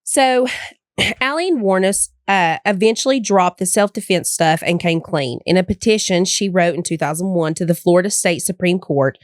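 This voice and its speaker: A woman's voice: lowish voice, normal speed, dry recording, clean studio sound. A woman co-hosting a casual true-crime podcast, chatty with many fillers, reading case notes aloud. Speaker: podcast co-host.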